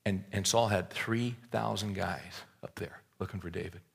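A man's voice: deep voice, steady tone, normal speed, gravelly, husky. A man preaching a sermon, retelling a scripture story in a folksy, joking way and often repeating words as he restarts a thought.

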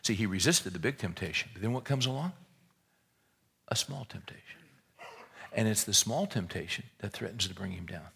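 A man's voice: on the low side, animated, quick pace, vocal fry, hardly any pauses, pushed and bright, a little hiss or hum. A man preaching a sermon, retelling a scripture story in a folksy, joking way and often repeating words as he restarts a thought.

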